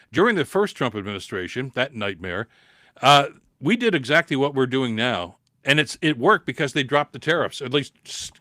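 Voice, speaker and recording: An impassioned Canadian man hosts a live call-in podcast, reading out viewer comments and pushing back hard, often stumbling over repeated words as he builds to emphatic peaks. His voice sits in an ordinary middle pitch, with a slightly dry throat left over from a recent cold. The sound is close and dry, with no room around it. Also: bright, forceful tone, no room sound.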